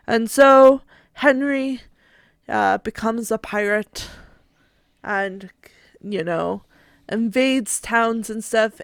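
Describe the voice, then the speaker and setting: A woman telling a story for a casual family podcast, slow and halting, often breaking into giggles. Her voice sits on the high side with a gravelly fry. The sound is close and dry. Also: no room sound. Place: home.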